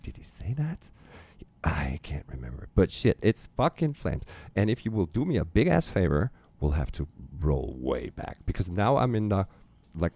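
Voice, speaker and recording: A middle-aged German man, a native German speaker with a German accent, chatting casually and excitably in a rambling, profane way as a guest on a reaction video. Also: low voice.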